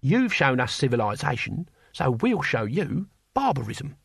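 A man's voice: mid-range voice, sing-song, unhurried, vocal fry, a bit bright, husky, dry recording, studio quality, full character voice. A man voicing a cheerful, shrewd old barbarian leader who talks in a folksy way. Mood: hearty. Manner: hearty, folksy.

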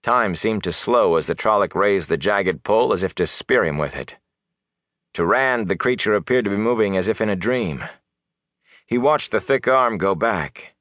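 A man narrating a fantasy audiobook with expressive, lively storytelling. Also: on the low side, normal speed, dry recording, studio quality.

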